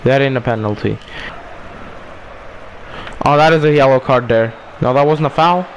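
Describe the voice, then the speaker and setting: A young man talking over a football video game, frustrated and swearing, with bursts of yelling. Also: mid-range voice, moderate pace, a little hiss or hum. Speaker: gaming streamer. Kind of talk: casual gameplay commentary.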